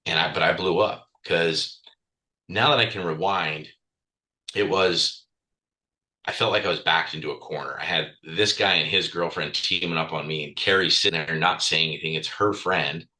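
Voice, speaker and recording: A man's voice: very deep voice, sharp tone, poor audio. A man speaking as a podcast guest, telling a candid personal story bluntly, swearing freely and with raw emotion.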